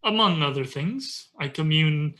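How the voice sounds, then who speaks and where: A game master voicing a gruff, wise old male dwarf master who speaks slowly and calmly. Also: medium pitch.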